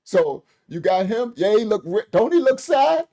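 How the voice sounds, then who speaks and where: A middle-aged man, hosting casual news commentary, animated and preachy, talking straight to his viewers. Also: high-pitched, moderate pace. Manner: animated, preachy, laughing, addresses chat directly. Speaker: commentary channel host.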